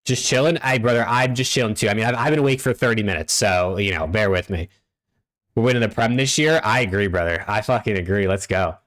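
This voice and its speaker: A man's voice: lowish voice, fast, a bit bright. Laid-back cursing male streamer. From United States. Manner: laid-back, profane, talks to chat and reads out usernames. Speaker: streamer hosting a watch party. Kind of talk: casual live-stream chat. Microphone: desk streaming mic.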